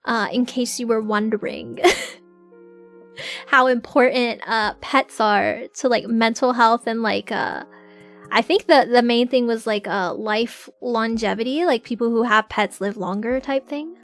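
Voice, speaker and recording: A young woman streamer chats casually to her audience in a fairly high voice. She giggles often and scatters "like" through her sentences. Soft music plays quietly behind her. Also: steady tone, a little slow. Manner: chatty, giggly, full of filler "like"s. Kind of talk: casual live-stream chat.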